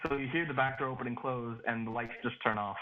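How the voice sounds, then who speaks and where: A man's voice: mid-range voice, fairly even intonation, fast talker. Laid-back man running a tabletop game, muffled lo-fi voice chat. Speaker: game master.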